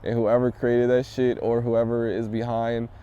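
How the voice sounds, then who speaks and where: A young man from the DMV area, a rap artist, answering interview questions in a loose, profane, animated way. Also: medium pitch, normal speed, clear, resonant tone, lo-fi sound.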